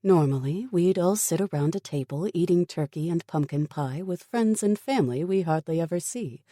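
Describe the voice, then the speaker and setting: A woman reading as a gentle woman doctor. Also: fairly low pitch, expressive, moderate pace, dry recording, clean studio sound, voice pushed up.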